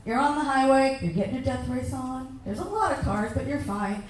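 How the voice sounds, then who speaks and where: A young woman performing a stand-up set with a higher, very lively voice that keeps leaping up and down. She bursts into shouted rants for her asides. The sound is distant and echoey, caught from across a club room. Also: a little fast, a little hiss or hum. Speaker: stand-up comedian. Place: comedy club stage.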